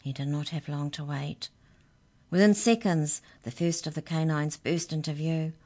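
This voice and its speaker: A woman reading a children's storybook aloud in a measured, unhurried way. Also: low voice, steady tone, darkish tone.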